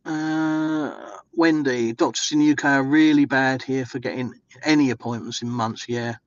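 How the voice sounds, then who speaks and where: A man's voice: mid-range voice, steady tone, moderate pace, no room sound, lo-fi sound. An English man vlogging casually outdoors in the snow, chatty and rambling with lots of fillers. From England. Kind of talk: casual walking vlog.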